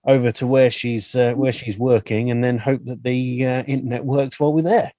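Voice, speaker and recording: A man co-hosts a podcast in loose, laid-back conversation. His voice is warm and mellow. The sound is dry and close, with no room around it. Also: mid-range voice, fairly even intonation, normal speed, no room sound. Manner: laid-back, laughs easily. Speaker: podcast co-host. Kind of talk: casual chat.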